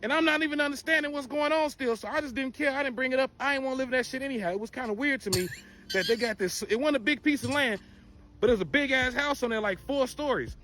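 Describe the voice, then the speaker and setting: A man telling a profane, animated story time and acting out the people in it. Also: very high voice, fast talker, a little hiss or hum. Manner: profane, animated, acts out quotes.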